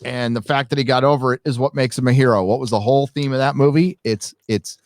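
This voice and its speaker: Emphatic, swearing podcast host, mid-pitched man. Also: steady tone, fast talker, dry recording, clean studio sound. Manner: emphatic, profane. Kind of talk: casual podcast chat.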